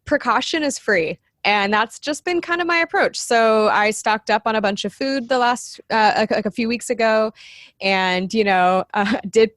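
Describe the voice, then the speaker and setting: Podcast guest girl, higher voice, chatty and giggly. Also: normal speed, a bit bright, dry recording, clean studio sound. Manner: chatty, laughing easily. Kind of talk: casual interview chat.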